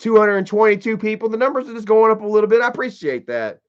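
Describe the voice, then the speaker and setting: Male live streamer, high voice, aggressive profane rant, muffled low-fi stream audio. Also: lively intonation, fast.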